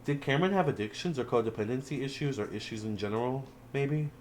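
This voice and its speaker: Man, tarot reader, chatty and tearful, mid pitch, faint room noise. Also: quick pace, darkish tone. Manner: chatty and emotional, addresses viewers as y'all and child. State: teary-eyed. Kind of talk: casual tarot reading video.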